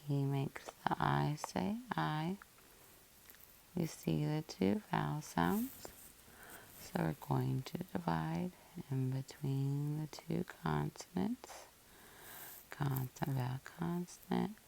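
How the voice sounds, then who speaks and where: A woman's voice: low voice, slow, creaky, darkish tone, a little hiss or hum. A woman teacher giving a patient, methodical phonics lesson, breaking words into syllables and spelling them out letter by letter.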